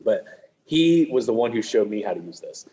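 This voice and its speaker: A man leading a clinic for music teachers, talking in a quick, chatty, joking way with lots of fillers and restarts. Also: fairly low pitch, big pitch swings, dark tone, poor audio. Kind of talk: casual clinic presentation. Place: room with attendees present, also on video call.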